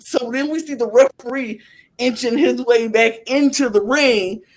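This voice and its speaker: Young woman gushing thru a recap, voice jumps all over, slow drawn-out talk. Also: fairly high pitch, low-quality recording. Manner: animated, acts out reactions with gasps and laughs. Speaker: podcast co-host. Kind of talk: excited recap chat.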